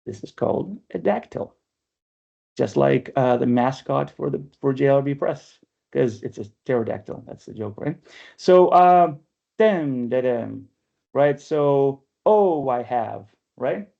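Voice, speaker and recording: A man's voice: medium pitch, expressive, a little slow, vocal fry, mellow. A man giving an online poetry workshop lecture, explaining step by step and often checking in with "right?". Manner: explanatory, keeps asking "right?". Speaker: workshop instructor. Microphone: video call. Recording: lo-fi video call audio.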